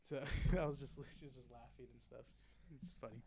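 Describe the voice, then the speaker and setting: A man co-hosting a podcast in casual chat, laughing often and chiming in with quick jokes. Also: mid-range voice, gravelly, a crowd in the background. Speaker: podcast co-host.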